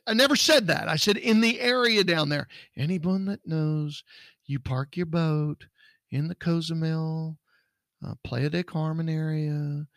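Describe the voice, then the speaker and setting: A man's voice: a little high, creaky, no room sound. A man from Texas co-hosting a podcast, talking bluntly and indignantly in casual chat. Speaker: podcast co-host, security business owner.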